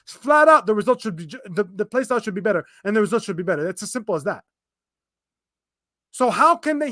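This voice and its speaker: A young man hosting a football watchalong stream, ranting in exasperation with swearing, restarts and fast bursts of complaint. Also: extremely high pitch, sharp tone, dry recording, studio quality. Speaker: fan commentator reacting to a live match. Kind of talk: livestream watchalong rant.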